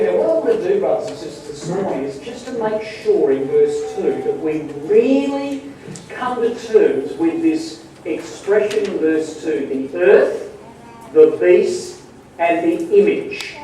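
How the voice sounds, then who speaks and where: A man's voice: high voice, animated, a little slow, dark tone. A man giving a Bible study talk to a congregation, emphatic and rising to punch his key points. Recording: very echoey hall, distant mic, faint hiss.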